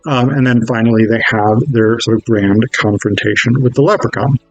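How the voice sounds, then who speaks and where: A man's voice: medium pitch, steady tone, moderate pace, gravelly, dry recording, muffled recording, soft background music. Casual swearing film reviewer man, dry sound. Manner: casual, swears freely, wry. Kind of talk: casual video essay commentary.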